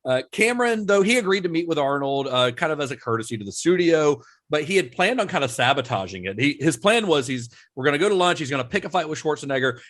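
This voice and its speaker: Podcast guy w an average voice, easygoing, tells the backstory w a few uhs. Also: medium pitch. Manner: relaxed storyteller with occasional fillers. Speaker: podcast co-host. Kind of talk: casual chat.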